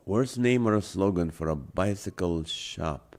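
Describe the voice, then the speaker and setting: With a low, unhurried, slightly mellow voice and a non-native English accent, a man hosts a live show. He reads out a comedy list, chats with the audience, jokes, laughs often and greets viewers by name.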